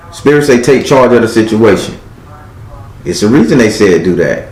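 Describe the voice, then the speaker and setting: A man's voice: on the low side, expressive, normal speed, darkish tone, roomy sound, low-quality recording. A man doing a live tarot reading, giving blunt, profane advice and acting out the lines he quotes. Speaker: tarot card reader.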